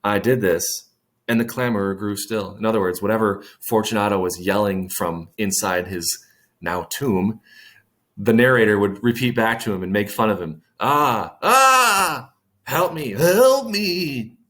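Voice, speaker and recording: A man's voice: fairly low pitch, fairly even intonation, moderate pace. A man reading a classic short story aloud, stopping to explain old words in plain terms and adding dry asides. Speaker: reader.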